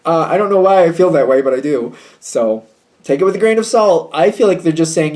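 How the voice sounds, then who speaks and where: A man's voice: a little high, expressive, fast, darkish tone. A man giving a casual tarot reading to his viewers, chatty and hedging, with a wry, slightly snippy tone. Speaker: tarot reader.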